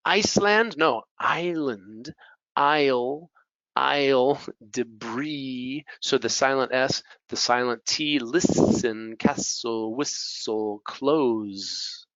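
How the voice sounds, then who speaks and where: A man's voice: mid-range voice, very slow, a bit bright, no echo. A male teacher giving a pronunciation lesson, repeating each word to model it, with Spanish asides. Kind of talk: classroom lesson. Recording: dull lo-fi dry recording.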